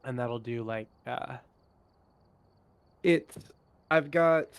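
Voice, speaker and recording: A man in casual gaming chat on a voice call, getting excited and talking fast about what he likes. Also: medium pitch, creaky, slight background noise. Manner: excitable, talks fast when hyped. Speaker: podcast co-host.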